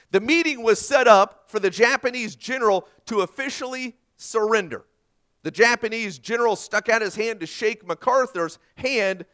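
A male pastor giving an earnest sermon, asking rhetorical questions and swinging between loud and soft. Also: sits high.

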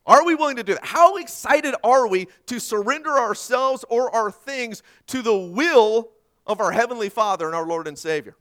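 A male pastor giving an earnest sermon, asking rhetorical questions and swinging between loud and soft. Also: very high voice, lively intonation, normal speed.

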